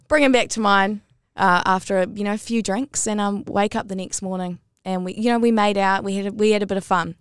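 A woman's voice: mid-range voice, steady tone, a little fast, smooth, no room sound. A woman co-hosting a podcast, telling a personal story in casual chat and rising to squeals at the big moments. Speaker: podcast co-host.

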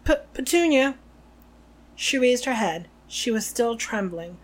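A woman co-hosting a podcast, narrating a novel aloud in an expressive way and chatting about it. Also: fairly high pitch, unhurried. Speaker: podcast co-host.

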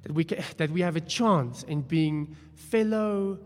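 Pastor preaching in a hall. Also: male voice, a little high, measured pace, darkish tone. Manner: storytelling, conversational, self-deprecating. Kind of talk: sermon. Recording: long hall reverb.

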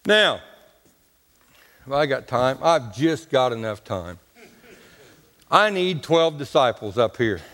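A man's voice: mid-range voice, lively intonation, slow pace, long pauses, fairly bright tone, long reverb tail. A man preaching a sermon in a homespun, colloquial way, telling stories and talking to the congregation. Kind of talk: folksy storytelling sermon.

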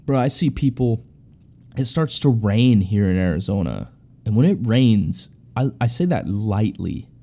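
A man's voice: fairly low pitch, big pitch swings, measured pace, mellow. A young man telling a story in a loose, profane, slang-heavy way, calling his listeners bro and dude. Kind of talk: casual storytelling.

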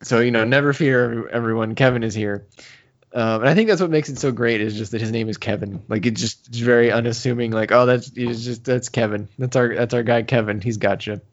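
Animated man recapping a story. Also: mid-range voice, fairly quick, few pauses. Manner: animated storytelling, acts out characters' lines. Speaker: podcast co-host. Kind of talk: casual chat recapping a manga. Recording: slightly dull lo-fi audio.

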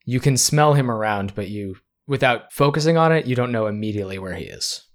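A man narrating as game master of a tabletop role-playing game, describing scenes in a calm, storytelling way. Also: medium pitch, a little fast.

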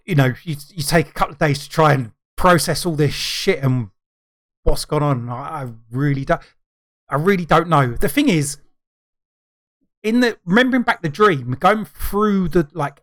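A middle-aged man in casual chat as a podcast co-host, talking in a rambling, halting way full of fillers and restarts. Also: on the high side, expressive, fairly bright tone.

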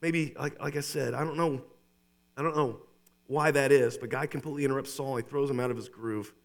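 A male pastor preaching a sermon in a church, excitable and talking to the congregation directly, often repeating his phrases. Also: medium pitch, brisk. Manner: excitable, repeats phrases, addresses listeners as "you guys".

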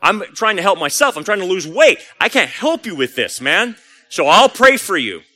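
A man doing a self-absorbed pig, casual, dismissive, lively pitch. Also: moderate pace, exaggerated voice. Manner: laid-back, dismissive.

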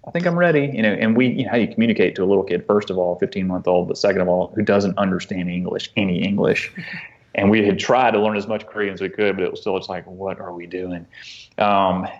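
A man telling a personal story as an interview guest, earnest and halting, often restarting his sentences. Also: sits low, little pitch movement, highs cut off. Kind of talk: conversational storytelling.

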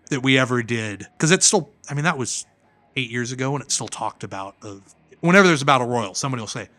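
A man, an independent pro wrestler, telling backstage anecdotes in a casual interview, animated and laughing as he goes. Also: medium pitch, fast talker.

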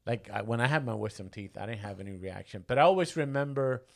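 A man's voice: medium pitch, fast, creaky. A man co-hosting a comedy podcast, telling stories in a rambling, casual way and laughing between them. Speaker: podcast co-host.

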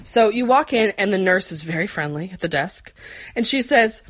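A woman's voice: mid-range voice, animated, fairly quick. A woman in her forties telling a rambling, chatty story, full of fillers, with frequent laughs. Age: 40s. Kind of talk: casual storytelling chat.

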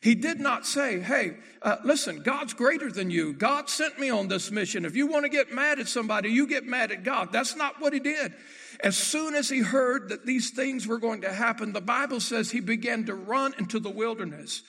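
Preacher, male, high bright tone, dramatic loud-to-soft delivery, acts out quoted scripture. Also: animated, moderate pace. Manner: acts out the prophets' words in quoted speech. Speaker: pastor. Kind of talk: sermon.

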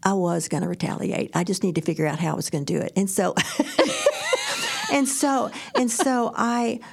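A middle-aged woman co-hosting a faith talk show, telling stories in an animated way, acting out quotes and laughing often. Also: mid-range voice, moderate pace, creaky, husky. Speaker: podcast co-host. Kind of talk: faith-based casual chat, storytelling.

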